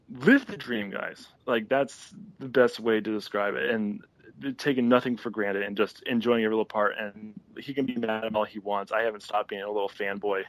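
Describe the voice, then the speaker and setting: Guy on a podcast telling a story all excited, laughing a lot, does little voices for people, dry sound. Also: medium pitch, dry recording, low-quality recording. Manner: excitable, laughs often, acts out quoted lines. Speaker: podcast guest.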